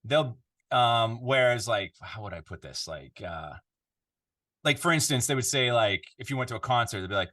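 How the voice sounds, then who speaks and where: A Canadian man, a voiceover artist, chatting casually in an interview from his home control room, animated and full of fillers. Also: mid-range voice, moderate pace. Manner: animated, conversational, lots of fillers.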